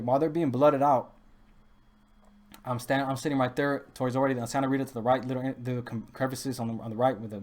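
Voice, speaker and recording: A man's voice: mid-range voice, darkish tone. Rambling guy telling stories. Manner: rambling, with restarts and profane street slang. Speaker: podcast host. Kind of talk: casual storytelling.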